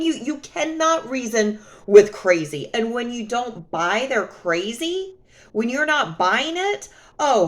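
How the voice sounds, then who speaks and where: A woman talking to camera in a sassy, emphatic way, often calling the listener honey. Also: mid-range voice. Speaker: vlogger. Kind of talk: casual monologue to camera.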